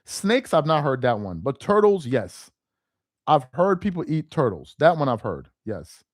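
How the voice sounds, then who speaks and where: Hosting a casual live stream, a man reacts to viewer comments with a very animated, fairly high voice at a measured pace. He laughs often and tends to repeat himself while reading the chat. The recording is dry, with clean studio sound.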